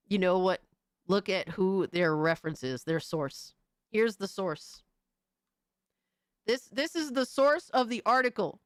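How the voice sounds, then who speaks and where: A woman streamer giving casual commentary, animated and mocking, swearing freely. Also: a little high, unhurried, clean tone, dry recording, studio quality.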